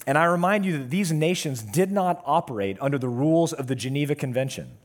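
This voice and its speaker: Husky-voiced male preacher. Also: a little high, expressive, brisk. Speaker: pastor. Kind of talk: sermon.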